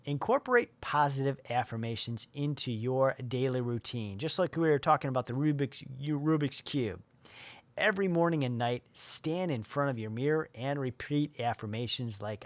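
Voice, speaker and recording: A man's voice: medium pitch, expressive, moderate pace, no echo. A man in his forties or older, a life coach giving a loose, filler-heavy motivational talk with many restarts.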